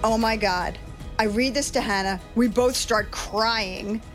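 A woman's voice: fairly high pitch, a little slow, music in the background. A middle-aged woman, a veteran sports reporter, telling candid stories from her career in an interview. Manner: candid, animated storytelling. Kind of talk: interview storytelling.

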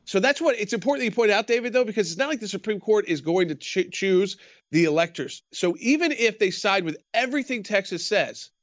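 High-voiced man explaining over a muffled feed. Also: animated, brisk, fairly bright tone, no echo. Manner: explanatory, many restarts. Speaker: guest commentator. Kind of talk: remote interview.

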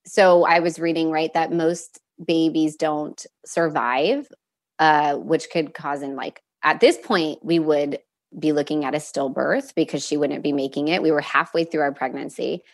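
Earnest young woman, slightly low voice. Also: fairly even intonation, measured pace. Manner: earnest and open, with many fillers and restarts; emotional at moments, with nervous laughs. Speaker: guest sharing a personal story. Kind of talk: candid conversational storytelling.

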